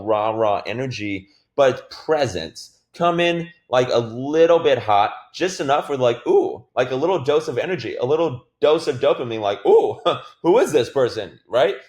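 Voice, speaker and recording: A man with a medium-pitched voice gives an energetic, casual sales training talk in a roomy-sounding space. He swears now and then and peppers his speech with "like."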